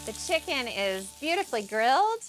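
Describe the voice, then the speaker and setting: A woman's voice: sits high, sing-song, normal speed. Woman, cooking show host, casual and playful, home kitchen, background music. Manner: chatty, playful, talks to off-camera crew. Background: background music, sizzling pan.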